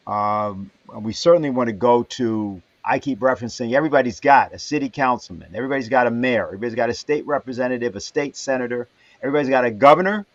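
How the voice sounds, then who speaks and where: Halting man hosting on muffled audio. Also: medium pitch, no echo. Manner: halting, many fillers. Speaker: host. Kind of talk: moderating a livestream panel. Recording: dull dry lo-fi audio.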